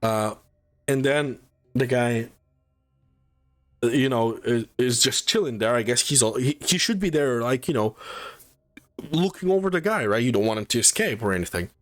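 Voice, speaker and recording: A man's voice: mid-range voice, expressive, normal speed, pauses often. A man giving a casual spoiler review of a movie, swearing often and sounding incredulous as he rambles.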